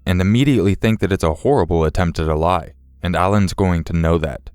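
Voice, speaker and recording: Male narrator for scripted horror stories, very deep, smooth and dry, measured delivery. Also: a little mellow, dry recording. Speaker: story narrator.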